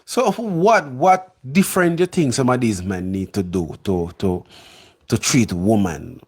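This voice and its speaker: A man's voice: on the low side, expressive, unhurried, darkish tone, husky. A man interviewing a guest, asking short questions and giving brief affirmations. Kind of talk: street-style interview questions.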